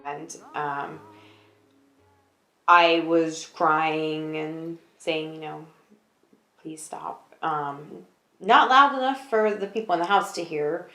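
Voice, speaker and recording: A woman speaking quietly and in a measured way in a personal interview. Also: deep voice, faint music behind. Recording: echoey room.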